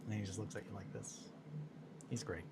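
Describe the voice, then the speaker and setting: Low-voiced man chatting while painting miniatures. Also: little pitch movement, a little fast, background noise. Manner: rambling, chatty, self-amused. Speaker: hobby streamer. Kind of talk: casual live-stream chat while working on miniatures.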